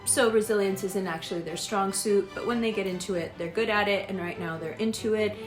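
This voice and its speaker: A woman giving a casual horoscope reading in a chatty, animated way, sometimes acting out imagined dialogue. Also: mid-range voice, fairly quick, echoey room, music in the background. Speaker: astrologer.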